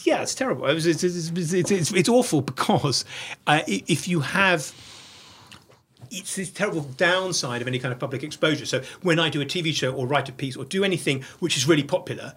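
A man's voice: fairly high pitch, lively intonation, a little fast, fairly bright tone, slightly rough. A middle-aged man talking as an interview guest, blunt and profane, tumbling over restarts as he speaks. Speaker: podcast guest. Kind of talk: candid interview conversation.

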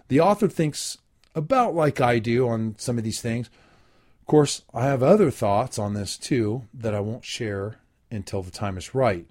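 A man's voice: mid-range voice, darkish tone. A man hosting a spoken commentary, reading aloud from an article and breaking off for dry, wry asides of his own. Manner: plain, unhurried, frequent filler ums and uhs. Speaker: host.

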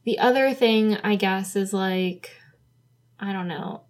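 A woman co-hosting a podcast, recapping a TV drama in a relaxed, casual chat with frequent fillers and easy laughter. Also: mid-range voice, takes it slowly. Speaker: podcast co-host.

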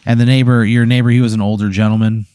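A man's voice: medium pitch, flat delivery, rapid-fire, dark tone, smooth, no room sound, clean studio sound. A man hosting a comedy podcast, spinning an improvised story in a laid-back, rambling way. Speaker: podcast host.

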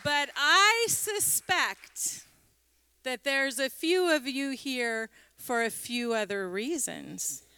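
A female pastor welcomes a church congregation and makes announcements in an unhurried way with a few fillers. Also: high-pitched, lively intonation, pushed and bright, clear, resonant tone, big-room sound. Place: church sanctuary.

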